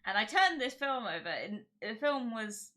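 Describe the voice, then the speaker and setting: A woman's voice: a little high, big pitch swings, normal speed, pushed and bright. A woman hosting her livestream, chatting casually and rambling with giggles and restarts. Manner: rambling, giggly, self-interrupting. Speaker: streamer host.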